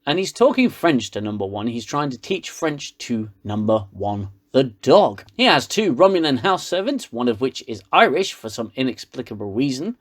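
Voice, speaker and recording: A man's voice: mid-range voice, big pitch swings, normal speed, few pauses. A man with a British accent giving a sarcastic, rambling comedic recap of a TV episode. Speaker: reviewer.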